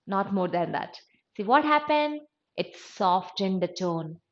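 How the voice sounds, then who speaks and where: A woman's voice: mid-range voice, animated, unhurried, muffled recording. A woman teaching an English grammar lesson, explaining step by step and stressing each example sentence.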